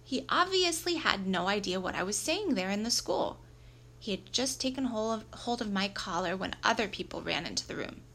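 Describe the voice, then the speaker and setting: Lively woman reading a children's book. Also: medium pitch, moderate pace. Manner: lively, expressive storytelling. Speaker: audiobook reader. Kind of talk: scripted narration of a children's book.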